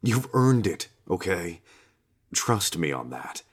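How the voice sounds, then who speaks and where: Casting: man voicing a chill, cussing God, very deep voice, lively swinging delivery, audiobook. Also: slow, breathy edge, heavily acted. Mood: coaxing. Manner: relaxed, coaxing, swears freely. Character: laid-back, foul-mouthed male God, casual bro. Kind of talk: audiobook character reading.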